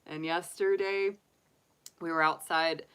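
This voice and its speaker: A woman's voice: low-pitched, fairly even intonation, slow, a bit bright, clear, resonant tone. A middle-aged woman, giving a chatty, rambling tarot reading with lots of fillers. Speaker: tarot reader. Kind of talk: casual livestream tarot reading.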